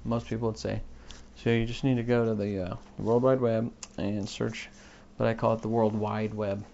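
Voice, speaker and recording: A man's voice: mid-range voice, flat delivery, normal speed, vocal fry, dark tone, highs cut off, slight background noise. A man hosting his own podcast, rambling along in an offhand, self-mocking way. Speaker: podcast host. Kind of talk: rambling solo podcast chat.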